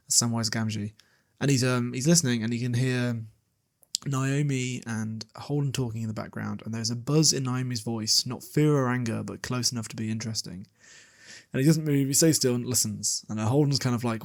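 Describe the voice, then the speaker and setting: A man's voice: mid-range voice, steady tone, fairly quick, a little mellow. Rambling man recapping a book. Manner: rambling, laughs often, many fillers. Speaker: podcast host.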